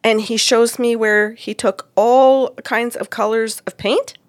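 A woman, a psychic medium, telling a story from a client session in casual chat, lively and expressive, acting out what people said with big jumps in pitch. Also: measured pace, no room sound.

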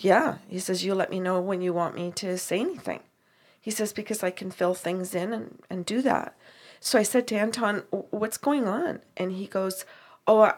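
A woman who works as a medium, telling a story about a reading and acting out both sides of the conversation. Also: mid-range voice. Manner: animated retelling with quoted dialogue. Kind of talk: storytelling chat.

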